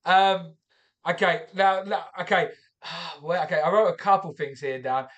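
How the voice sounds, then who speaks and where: High-voiced hesitant male host. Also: steady tone, measured pace, fairly bright tone, muffled recording. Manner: hesitant, many fillers and restarts. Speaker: show host and judge. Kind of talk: casual feedback.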